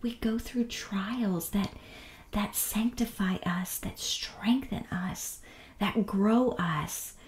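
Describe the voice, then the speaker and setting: A woman teaching the Bible in a gentle devotional style, often half-whispering with tender warmth. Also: medium pitch, slow, echoey room.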